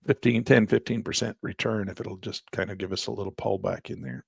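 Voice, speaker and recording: Gravelly, hoarse man thinking aloud. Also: on the low side, normal speed, no echo, clean studio sound. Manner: thinking aloud while placing trades. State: hoarse, clearing his throat. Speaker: trading instructor. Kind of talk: live trading walkthrough.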